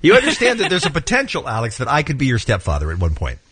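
Fast, lively male radio host. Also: medium pitch, a crowd in the background. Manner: quick, playful, teasing. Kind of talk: morning radio banter.

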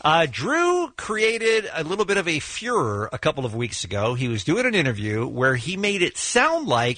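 Brief: male radio co-host, high and animated, dry studio sound. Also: moderate pace, hardly any pauses, dry recording. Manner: playful, teasing. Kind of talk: morning radio banter. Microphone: studio microphone.

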